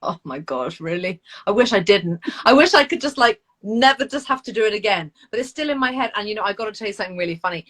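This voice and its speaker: A woman, an actress, chatting casually on a live video call, animated and laughing as she tells stories about herself. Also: medium pitch, fast talker, hardly any pauses. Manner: animated, laughing, self-deprecating storytelling. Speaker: actress guest.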